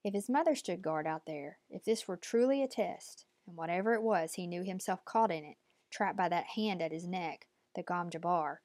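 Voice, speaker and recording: A woman narrating an audiobook at a measured, steady pace. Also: fairly low pitch, no room sound.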